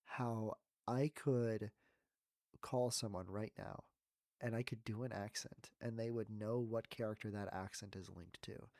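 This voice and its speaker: A man's voice: lowish voice, fairly even intonation, unhurried, darkish tone, no echo, studio quality. A man, a voice actor and coach, talking earnestly and reflectively as a podcast guest. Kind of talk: casual podcast conversation.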